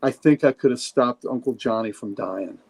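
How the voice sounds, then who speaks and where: A man reading a comic aloud and voicing a sad, grieving young boy in his own quiet, forlorn voice. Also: mid-range voice, moderate pace, slightly rough.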